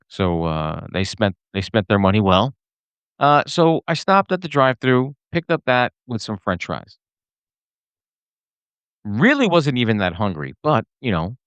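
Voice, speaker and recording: Here a podcast host, smooth-voiced and in the mid range, talks alone to the camera in a casual rant. He's animated and rambling, with lots of fillers and restarts, and the audio has no echo.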